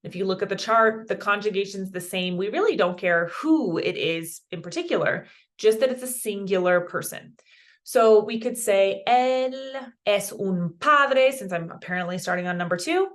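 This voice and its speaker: Encouraging woman Spanish teacher from Colorado, casual lesson talk, ordinary middle pitch. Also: moderate pace. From Colorado, USA. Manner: chatty, encouraging, mixes in Spanish words. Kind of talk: online language lesson.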